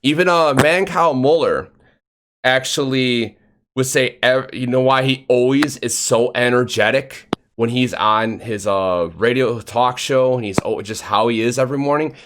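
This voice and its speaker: A man's voice: unhurried, slight background noise. A man hosting a live interview podcast, chatting casually and acting out stories with quoted voices. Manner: animated storytelling, acts out quotes in a higher voice. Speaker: podcast host.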